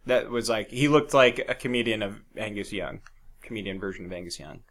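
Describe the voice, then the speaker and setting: A man co-hosting a podcast in casual chat, crude and joking, laughing often and breaking into loud impressions. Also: on the low side, a little fast. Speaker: podcast co-host.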